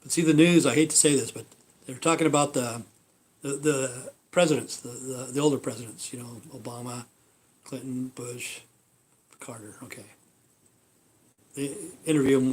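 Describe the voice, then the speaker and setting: A man's voice: mid-range voice, fairly even intonation, moderate pace, pauses often, a little mellow, slight background noise. Blunt, profane man ranting casually. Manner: profane, blunt, repetitive fillers. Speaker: livestream host. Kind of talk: rambling casual rant.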